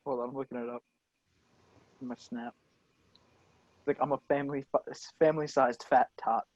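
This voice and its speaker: A young man with a husky voice co-hosts a casual podcast, laughing often and quick to chime in. His pitch sits in the middle range. The recording is dull and lo-fi, with a dry, close sound. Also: steady tone, no room sound. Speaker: podcast co-host. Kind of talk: casual chat.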